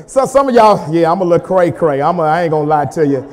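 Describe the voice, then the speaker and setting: A man preaching a sermon in a church, calling on the congregation to repeat after him and swinging from hushed, low talk to loud shouted peaks. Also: lively intonation, quick pace, few pauses. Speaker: pastor. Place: church sanctuary.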